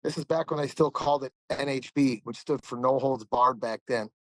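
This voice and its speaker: A man's voice: medium pitch, steady tone, brisk, a bit bright, no room sound, poor audio. A man in his forties from the American Midwest, a podcast guest telling a long story in a rambling, casual way, often laughing and saying "man". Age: 40s.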